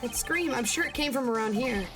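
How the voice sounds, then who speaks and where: A woman's voice: a little high, expressive, a little fast, distant mic, natural voice. A woman reading the lines of a jumpy young male defense lawyer in a game, in her own voice without a separate character voice. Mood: anxious. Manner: read-aloud dialogue in her own voice. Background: game music.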